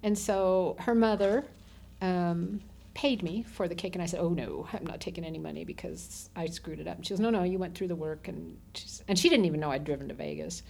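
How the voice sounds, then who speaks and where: Middle-aged woman interview guest, slightly gravelly, lively anecdotes. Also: on the low side, brisk. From Southern Nevada. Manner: animated storyteller who laughs often. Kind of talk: casual storytelling.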